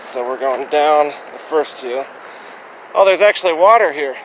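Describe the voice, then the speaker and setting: A man's voice: on the high side, lively intonation, normal speed, fairly bright tone, a little hiss or hum, low-quality recording. A young man chatting to the camera on an outdoor walk, self-mocking and a little winded. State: out of breath on a hill. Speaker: vlogger. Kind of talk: casual outdoor vlog. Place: outdoors by train tracks and a hill. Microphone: handheld action camera.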